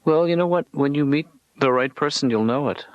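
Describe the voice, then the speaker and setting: A man playing a therapist, answering in a calm, dry, low-key way. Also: fairly quick, no echo, muffled recording, natural voice.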